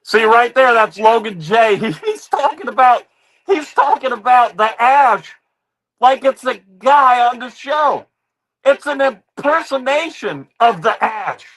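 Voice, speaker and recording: High-voiced man ranting on a stream. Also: lively intonation, takes it slowly, low-quality recording. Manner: mocking rant, keeps repeating "ladies and gentlemen". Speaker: streamer host. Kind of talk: reaction stream commentary.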